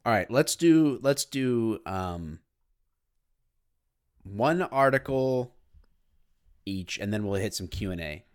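This man, once a police officer, co-hosts a podcast in a lowish, clear, resonant voice, taking his time and pausing often. He laughs frequently and tells his stories with animation in a relaxed conversation.

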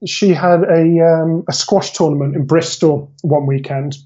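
A man telling a story on a podcast, his voice sitting a little higher than most. He rambles and restarts as he goes, in an easy, chatty way. The audio is dull and lo-fi. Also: steady tone, a little slow, mellow, slightly rough. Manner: rambling, self-correcting storyteller. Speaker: podcast guest. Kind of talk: casual storytelling chat.

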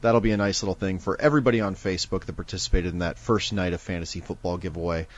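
A man's voice: deep voice, fairly even intonation, racing. A man in his thirties from Nebraska, co-hosting a live sports card stream in a chatty, joking way. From Omaha, Nebraska. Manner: chatty, jokey, reads off giveaway lists. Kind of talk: casual live-stream chat.

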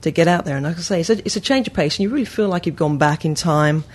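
A woman's voice: lowish voice, fast talker. A woman chatting as a guest on a podcast roundtable, running through details with lots of restarts. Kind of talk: casual roundtable chat.

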